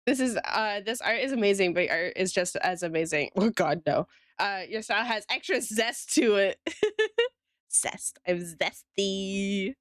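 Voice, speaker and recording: A woman's voice: medium pitch, lively intonation, moderate pace, no echo, studio quality. A woman streamer chatting casually with her viewers while she draws, giggling often and talking straight to chat.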